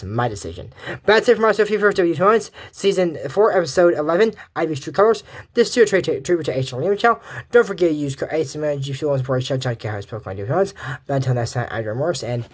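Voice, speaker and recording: Woman host, low voice, chatty joking cartoon recap. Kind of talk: casual commentary recap.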